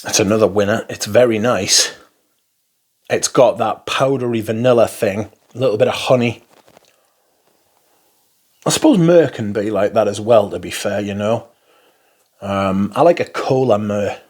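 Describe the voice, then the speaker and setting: A man's voice: on the low side, moderate pace, pauses often. Man, casual review chat, rambling, a bit sweary, talkative. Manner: rambling, chatty, swears while ranting. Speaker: fragrance reviewer. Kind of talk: casual first-impressions review.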